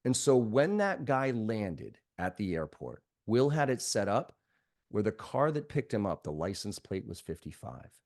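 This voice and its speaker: A man, a sales trainer guest on a podcast, talks bluntly and swears freely while telling animated stories. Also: lowish voice, unhurried. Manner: blunt, profane, animated storyteller. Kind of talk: podcast conversation.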